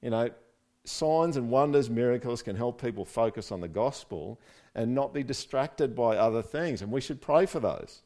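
A man's voice: mid-range voice, animated, moderate pace, darkish tone. A man preaching a casual, conversational sermon, with joking asides and frequent "right?" check-ins to his listeners. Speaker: pastor.

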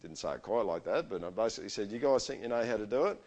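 A middle-aged man, preaching a sermon and telling stories in a conversational, animated way. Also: fairly low pitch, racing.

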